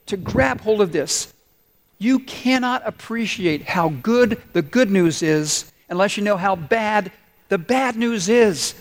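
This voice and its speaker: Male pastor, higher-pitched voice, preaching to his congregation and prompting them to fill in the words. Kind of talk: sermon. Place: church.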